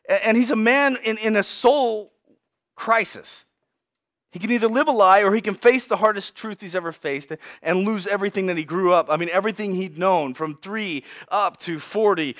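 A man with a high voice preaches to a congregation, retelling an old story in loose, modern slang. He slips into little voices for the people in it. The sound is dry and close. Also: no echo. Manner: lively storytelling, acting out characters in casual slang. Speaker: pastor. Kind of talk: sermon.

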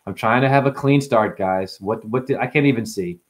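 A man with a mid-range voice, speaking a little fast, hosts a livestream where he casually reads chat comments aloud and jokes with viewers by name.

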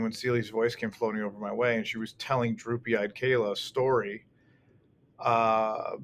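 A man's voice: medium pitch, fairly bright tone, slight background noise. A man reading a first-person novel aloud as an audiobook narrator, telling it expressively with occasional restarts.

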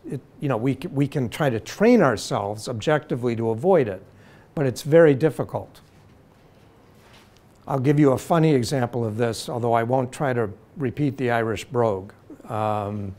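A man giving a university law lecture in a deliberate, measured way, slowing to stress key terms. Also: mid-range voice, a little mellow.

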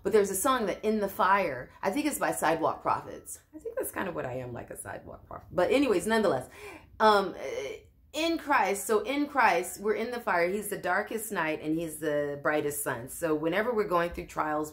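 A woman's voice: fairly low pitch, animated, a little fast. A woman teaching a Bible study in an informal, conversational way, often restarting and adding asides.

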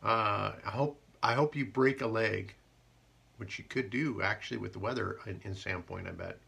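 A man hosting a live haiku show, chatting casually and joking, and reading poems slowly. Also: on the low side, creaky, sharp tone, husky. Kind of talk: casual live-stream chat.

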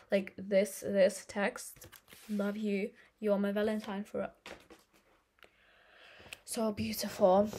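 A woman in soft-spoken ASMR role-play, chatty and affectionate, rambling as she talks, recorded close to the mic. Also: mid-range voice, a little hiss or hum. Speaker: ASMR creator.

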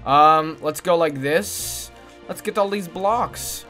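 A woman streaming a video game, chatting casually with her viewers and swinging between squealing joy and mumbled asides. She coos in a high baby voice at a pet. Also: takes it slowly, a bit bright, soft background music. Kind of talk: casual live-stream gaming commentary.

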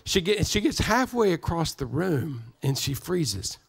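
A man's voice: fairly high pitch, big pitch swings, unhurried, creaky, breathy edge. A male pastor preaching a sermon, emphatic, repeating his phrases and restarting words as he drives his points home.

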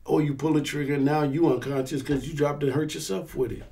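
A man's voice: a little high, fairly even intonation, a little fast, creaky, a little mellow. A man who teaches firearms classes and serves as a pastor, talking casually in an interview and acting out scenarios with quoted voices.

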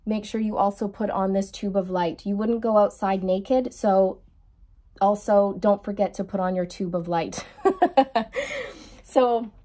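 An earnest woman talks through a spiritual reading in a casual, heartfelt way. She sounds emotionally moved and keeps turning to her viewers with little check-ins. Her voice sits at an ordinary middle pitch. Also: steady tone, normal speed, mellow. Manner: earnest, keeps checking in with okay and you guys. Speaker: tarot reader. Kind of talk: casual spiritual channeling chat.

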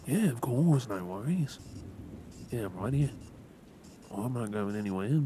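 Soft Australian man, whispered role-play. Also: mid-range voice. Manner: soft, gentle and reassuring, halting with fillers. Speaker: ASMR creator. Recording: rain and thunder noise behind. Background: steady rain and thunderstorm.

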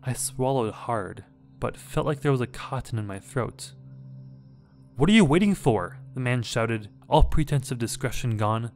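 A man reading a scary story aloud in a measured, dramatic way. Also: mid-range voice, darkish tone, soft background music. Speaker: horror story narrator. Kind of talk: scripted horror story narration.

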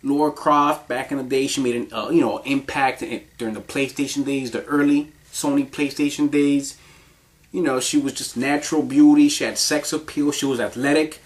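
A man's voice: mid-range voice, fairly even intonation, normal speed. A man giving casual countdown commentary in a crude, rambling, profanity-heavy way, often laughing.

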